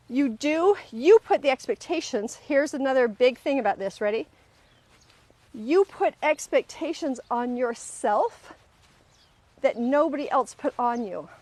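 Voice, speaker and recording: A middle-aged woman with a slightly high voice hosts a live self-help talk in a lively, conversational way. She tells personal stories to her audience and slips into other people's voices as she quotes them. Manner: animated storyteller, often acts out quoted voices. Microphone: livestream camera mic.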